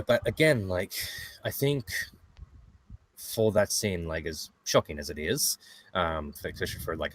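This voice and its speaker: Deep voice guy chatting, relaxed and into it. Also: a little hiss or hum. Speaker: podcast guest. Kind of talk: casual chat.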